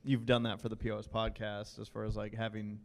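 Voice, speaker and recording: A man's voice: lowish voice, completely flat delivery, quick pace, creaky. A man moderating a convention panel, chatty and upbeat, with many fillers.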